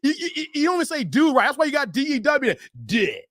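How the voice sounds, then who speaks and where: A man in his thirties hosting a casual live stream, animated and laughing often, his voice a little strained from long streaming. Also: very high voice, quick pace, dry recording, clean studio sound. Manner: animated, laughs often, breaks into playful sung bits. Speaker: live stream commentary host. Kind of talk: casual live stream chat reading donations.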